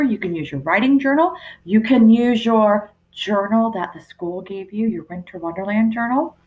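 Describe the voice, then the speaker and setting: A woman teacher giving a remote writing lesson to young children, speaking slowly and sounding out each word as she writes, recorded on a computer microphone. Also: medium pitch, dull audio, a little hiss or hum. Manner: slow and deliberate, sounding out words while writing. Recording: roomy echo.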